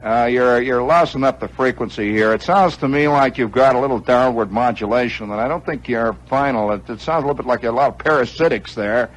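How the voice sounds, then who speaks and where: A man's voice: mid-range voice, fairly quick, few pauses, pitched above the performer's own voice, natural voice, poor audio. A condescending veteran radio ham delivers his verdict in a raised, pushy voice, as a male storyteller puts him on. He draws out his "old man" and waves off any reply. The tone stays lecturing and dismissive throughout. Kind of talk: radio storytelling with acted dialogue.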